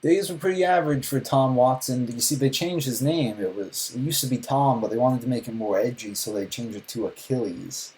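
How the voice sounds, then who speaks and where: A man's voice: medium pitch, brisk, few pauses, a little mellow, low-quality recording. A man streaming a live reaction, talking casually with sarcastic, rambling remarks and frequent restarts.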